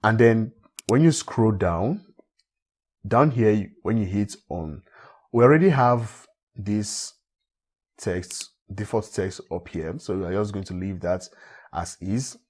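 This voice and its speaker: Husky low-voiced man explaining software. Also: takes it slowly. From Africa. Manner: steady step-by-step walkthrough, repeats phrases. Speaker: tech tutorial host. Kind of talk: screen-recorded software tutorial.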